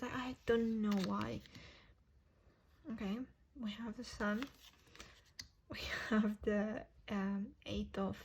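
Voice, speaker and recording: A woman's voice: a little high, darkish tone, a little hiss or hum. A woman giving a casual tarot reading to viewers, chatty, laughing often and correcting herself as she goes. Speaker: tarot reader.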